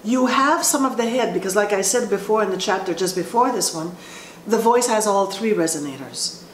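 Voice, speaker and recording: A woman voice teacher explaining vocal placement in a slow, halting way, often restarting her sentences. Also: medium pitch, animated. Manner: explains slowly with frequent restarts. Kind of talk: instructional talk with sung demonstrations. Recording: roomy echo with faint ambient noise.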